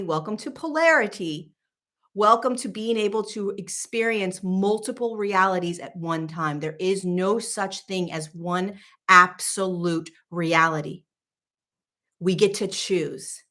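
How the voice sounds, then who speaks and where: A woman spiritual teacher and host telling a casual story in an animated, emphatic, chatty way. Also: medium pitch.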